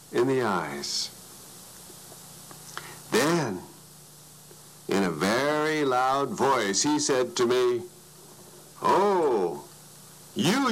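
A man narrating a story in an animated way, his voice swinging widely for emphasis. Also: medium pitch, low-quality recording.

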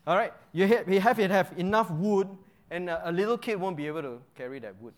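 A man with a notably high-pitched voice leads an interactive Bible lesson. He keeps asking his listeners questions and checking in with them. He repeats key phrases to drive his points home. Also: lively intonation, fast talker. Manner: quizzes the audience with frequent "right?" checks. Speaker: Bible teacher.

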